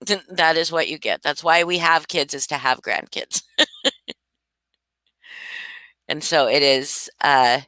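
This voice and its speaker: Older woman with a bright, forceful voice. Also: low-pitched, takes it slowly, pauses often, no echo. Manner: swears freely, laughs often, animated storytelling. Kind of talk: casual live-stream chat.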